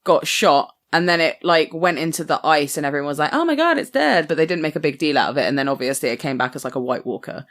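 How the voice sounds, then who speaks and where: A woman's voice: sits low, fairly even intonation, fast, few pauses, fairly bright tone. A woman in casual chat, talkative, laughing often and swearing casually. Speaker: podcast co-host.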